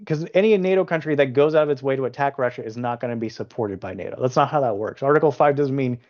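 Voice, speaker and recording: A man's voice: medium pitch, fast, lo-fi sound. A man as a podcast guest, pushing back bluntly in a political debate. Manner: blunt and dismissive, often interrupted.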